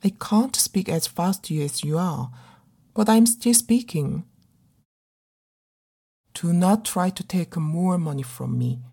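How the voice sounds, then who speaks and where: A middle-aged woman actor performing a dramatic monologue in an earnest, pleading, measured way. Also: fairly low pitch, vocal fry, warm tone, husky. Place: living abroad as a migrant in a big city.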